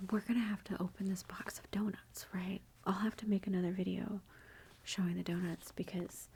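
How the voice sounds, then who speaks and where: A woman hosting an ASMR channel, chatting in a soft whisper about her gifts while feeling unwell, with a self-deprecating touch. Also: medium pitch, a little hiss or hum. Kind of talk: whispered ASMR haul commentary.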